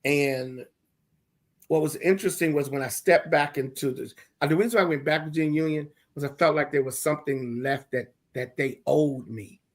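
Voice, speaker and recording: An older man who is dean of a theology school, telling stories to graduating students in an emphatic, animated and humorous way. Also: a little high, normal speed. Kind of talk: conversational remarks to graduates.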